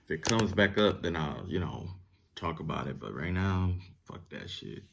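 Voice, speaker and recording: A young adult man giving a casual tarot reading in a relaxed, rambling way, full of fillers and asides. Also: low voice, moderate pace, vocal fry. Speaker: tarot reader.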